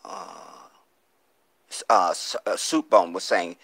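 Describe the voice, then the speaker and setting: A man's voice: deep voice, slow pace, a bit bright, no room sound. A man hosting a live stream, reading viewer comments and pleading for donations in an impassioned, profane way, on a phone mic. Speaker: livestream host.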